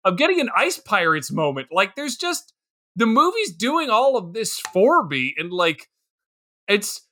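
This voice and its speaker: A man's voice: sits high, a little slow. A man co-hosting a movie review podcast, chatting casually, laughing often and acting out his own reactions. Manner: animated, laughs often, mimics reactions in quotes. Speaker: podcast co-host.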